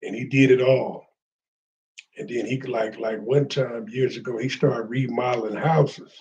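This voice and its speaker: A man's voice: medium pitch, steady tone, moderate pace, a little mellow, rough recording. A man telling a heartfelt personal story in a rambling, casual way, with street slang.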